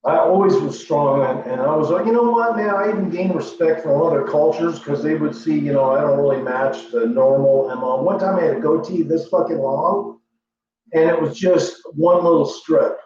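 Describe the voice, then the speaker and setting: A man's voice: on the high side, steady tone, normal speed, a crowd in the background. A man rambling in a boastful, profane, meandering casual monologue as a livestream host. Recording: echoey lo-fi room from far off with faint hum.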